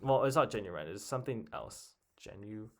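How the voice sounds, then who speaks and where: A man's voice: on the low side, animated, fairly quick, a bit bright. A young man thinking aloud as he works a crossword alone, muttering guesses and half-words to himself. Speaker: puzzle solver. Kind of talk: casual solo commentary while solving.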